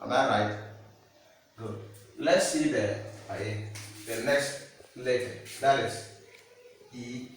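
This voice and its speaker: A man's voice: medium pitch, takes it slowly, long pauses, a little hiss or hum. A man teaching French pronunciation, speaking patiently and repeating words to check the student understands. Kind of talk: slow classroom-style teaching. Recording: echoey room, distant mic.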